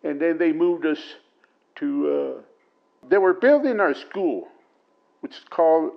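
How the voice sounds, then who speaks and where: An older man from Arizona telling memories in an oral history interview, in a plain, unhurried way with many pauses. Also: on the high side, lively intonation, creaky. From Prescott, Arizona. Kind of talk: recounting memories. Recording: dull lo-fi tape recording.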